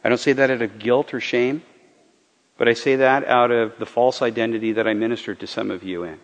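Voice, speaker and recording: A man speaking as a pastor, giving an earnest, halting, confessional sermon testimony to his church. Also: mid-range voice, fairly even intonation. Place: church hall. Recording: dull sound with long hall reverb.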